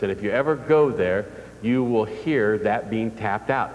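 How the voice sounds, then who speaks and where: A man's voice: on the low side, normal speed, darkish tone, slight background noise. An older man giving a live motivational speech, telling folksy stories and asking the audience questions. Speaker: motivational speaker. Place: large hall before an audience. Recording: distant reverberant hall recording.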